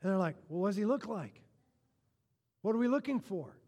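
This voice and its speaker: Animated preacher man in a reverberant hall. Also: high-pitched, brisk. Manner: animated, joking asides to the congregation. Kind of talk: sermon.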